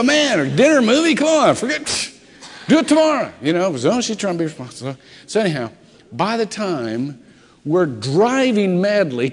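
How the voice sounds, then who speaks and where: A middle-aged male pastor preaching a sermon in a conversational, storytelling way, his voice swinging between soft and loud. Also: a little high. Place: church sanctuary. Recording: echoey church hall.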